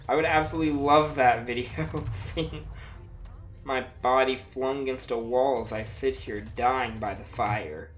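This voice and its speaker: A woman livestreaming a shooter game, talking slowly in a low voice and laughing at herself between exclamations. She sounds slightly under the weather, her throat dry. Faint game music plays underneath. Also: steady tone. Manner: giggly, self-mocking, frequent laughter and exclamations. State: feeling sick, dry throat. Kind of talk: casual gameplay livestream chat.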